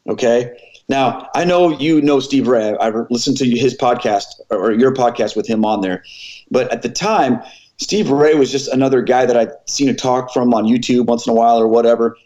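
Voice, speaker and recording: Middle-aged man, former pastor, lively storyteller who plays out dialogue; ordinary pitch, slightly muffled sound. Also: a little fast. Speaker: former pastor, podcast guest. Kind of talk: personal storytelling in a conversation.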